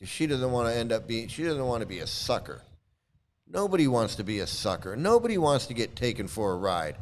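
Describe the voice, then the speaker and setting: A man hosts a casual commentary in his mid-range voice. He talks in an animated, scornful way and keeps jumping up into high exclamations. A faint hiss sits under the recording. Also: fairly quick. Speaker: commentary host.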